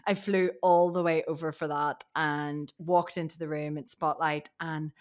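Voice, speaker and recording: A woman's voice: low voice, a little slow. A woman with a Northern Irish accent, an actress telling stories in a casual, chatty interview, often laughing. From Northern Ireland. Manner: chatty, animated storytelling with laughs. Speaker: actress guest. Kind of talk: casual chat.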